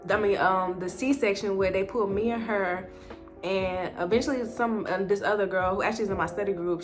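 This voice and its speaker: A woman chatting casually as a nursing student vlogger, full of "like" and "um". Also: medium pitch. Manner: chatty, leans heavily on "like" and "um". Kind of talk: casual chat.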